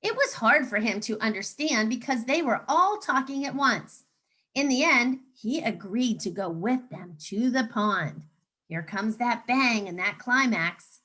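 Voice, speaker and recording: Woman teacher, storybook read-aloud for kids, lively swooping voice, slow and patient, coaxing questions. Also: medium pitch. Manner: animated and coaxing, asks children questions. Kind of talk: reading a picture book aloud to children.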